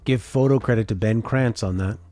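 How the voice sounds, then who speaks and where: Soft music plays behind a man reacting to a game showcase on stream, chatting casually and reciting viewer comments before answering. His warm, lowish voice moves a little fast.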